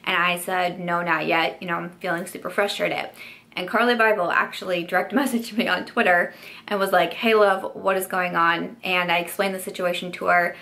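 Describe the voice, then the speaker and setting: A woman's voice: on the low side, little pitch movement, normal speed, gravelly, pushed and bright. A young woman beauty YouTuber telling a chatty story-time vlog, full of "like" and "you know" fillers.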